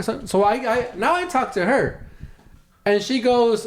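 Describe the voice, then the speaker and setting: Guy telling a story on a podcast, fairly high voice, jumps way up when he does other people's lines, swears a lot. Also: fast talker. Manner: animated, acts out quotes with big pitch jumps, swears a lot. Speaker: podcast co-host. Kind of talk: casual storytelling chat.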